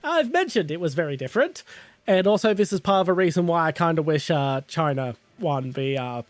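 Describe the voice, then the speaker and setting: A male streamer with a high, very lively voice that bounces all over the place. He chats casually with viewers, giggling often and cursing freely. Faint music plays behind him. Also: a little fast, no room sound. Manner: giggly and chatty, swears casually. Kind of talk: casual live-stream chat.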